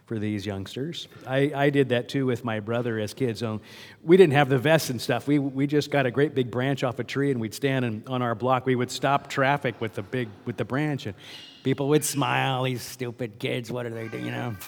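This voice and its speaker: A man's voice: mid-range voice, moderate pace, long reverb tail. A male pastor giving a sermon in a conversational way, often asking the congregation questions.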